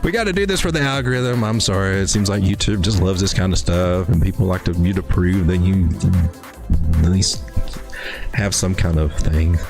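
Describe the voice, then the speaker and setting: A man's voice: deep voice, normal speed, music in the background. A man hosting a live crypto stream, talking through charts in a folksy, rambling way with lots of restarts. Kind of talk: casual live market commentary.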